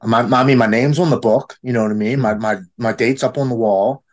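A man's voice: medium pitch, steady tone, fairly quick. Man sharing a heartfelt story. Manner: storytelling, quotes others in a raised voice. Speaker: guest in recovery. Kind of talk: casual conversation.

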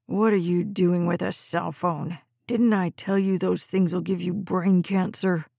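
Woman doing a drunk mean stepdad, low gravelly slurry voice, coarse. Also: fairly even intonation, unhurried, warm tone, dry recording, studio quality. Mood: demanding. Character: drunk, coarse, glowering middle-aged stepfather.

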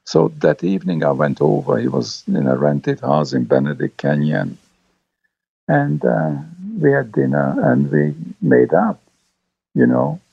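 An older man, a film director, reminiscing as an interview guest, halting, with many restarts. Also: medium pitch, sing-song, creaky, warm tone, breathy edge, no room sound. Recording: dull lo-fi sound.

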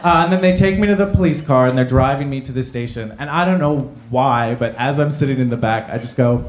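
A man from New Jersey telling a personal story live, self-deprecating and halting with many fillers. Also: mid-range voice, slight background noise.

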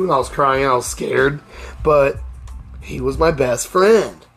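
A middle-aged podcast host tells stories casually in a medium-pitched, fairly bright voice with vocal fry, speaking slowly. He's candid and rambling, often restarting sentences, with soft music in the background.

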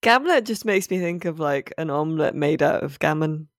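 A woman's voice: deep voice, lively intonation, normal speed, no room sound. A woman hosting a podcast in casual chat, dry and wry, laughing often. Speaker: podcast host.

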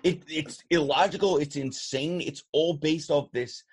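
A man's voice: fairly high pitch, a little slow, husky. A man in casual political chat, blunt and exasperated, swearing now and then.

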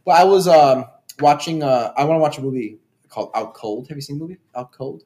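Young male co-host, rapid and animated, profane, storytelling. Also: fairly high pitch. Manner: animated, swears a lot, tells stories with quoted voices. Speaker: podcast co-host. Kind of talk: casual chat.

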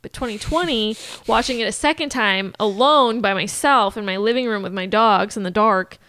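A young adult woman co-hosting a podcast, telling a story in a casual, animated way, swearing freely and laughing often. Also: mid-range voice, moderate pace, clean tone, no echo. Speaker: podcast co-host. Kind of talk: casual chat.

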